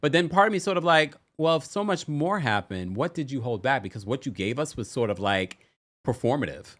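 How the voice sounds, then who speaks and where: An animated man hosts a casual reality-TV recap, his voice leaping in pitch and breaking into laughter often. His everyday speaking pitch sits in the middle range. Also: fairly quick. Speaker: podcast host.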